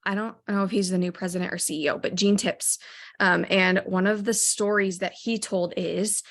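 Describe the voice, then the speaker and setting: A woman's voice: medium pitch, steady tone, normal speed. A woman recapping a company event for her team in a casual motivational talk, eager and full of ums and restarts. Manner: enthusiastic, many ums, rambling restarts.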